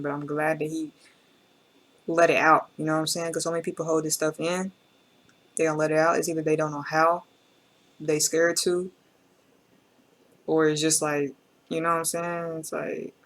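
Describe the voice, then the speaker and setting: A woman's voice: low-pitched, a bit bright. A woman hosting a reaction video, talking in an emotional, reflective and casual way and speaking straight to her viewers with slang.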